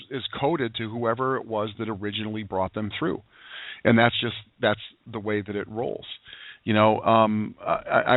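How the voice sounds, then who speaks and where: A man hosting a call-in show who tells rambling, folksy stories and often restarts his sentences. His mid-range voice comes through a tinny phone line. The sound is flat and dry. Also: mid-range voice, dry recording. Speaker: host of a call-in broadcast. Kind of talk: casual talk to callers.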